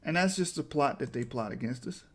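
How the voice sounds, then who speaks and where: A man's voice: medium pitch, lively intonation, a little fast. A man talking through a slide presentation, emphatic and often asking "right?" to the listener.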